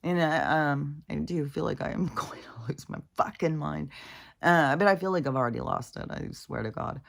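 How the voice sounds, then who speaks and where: Gravelly woman venting casually. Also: deep voice, normal speed. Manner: profane, venting, full of fillers. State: in pain, worn out. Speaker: vlogger. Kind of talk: casual rambling monologue.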